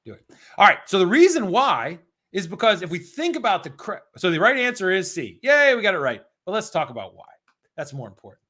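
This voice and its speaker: A high-pitched American man with a bright, forward tone teaches a live exam prep session. He talks with energy and swings his pitch up and down a lot. He keeps calling out to viewers in the chat. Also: big pitch swings, a little fast. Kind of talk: live-streamed Q&A lesson.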